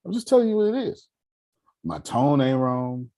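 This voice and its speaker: A man's voice: mid-range voice, big pitch swings, normal speed, dark tone. A man coaching a group on a call, talking in an emphatic, repetitive, preacher-like cadence. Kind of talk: motivational talk.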